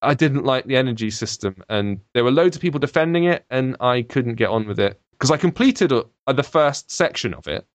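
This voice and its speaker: A man's voice: mid-range voice, animated, fairly quick, hardly any pauses, no room sound. A man, hosting a casual podcast chat about games, jokey and rambling through lists. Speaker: podcast host.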